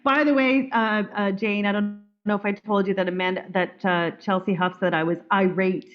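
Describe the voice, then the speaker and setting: A woman's voice: medium pitch, steady tone, normal speed. Woman, blunt, firm, rambling, video call host, dull lo-fi audio. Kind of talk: group video call talk.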